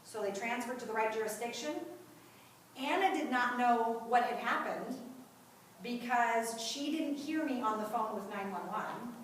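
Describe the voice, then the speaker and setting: A woman's voice: fairly high pitch, measured pace, slight background noise. Dramatic storytelling woman in echoey hall. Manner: vivid and dramatic, acting out quoted voices. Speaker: guest speaker at a mothers' group. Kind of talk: personal testimony storytelling. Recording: echoey room, voice from far off.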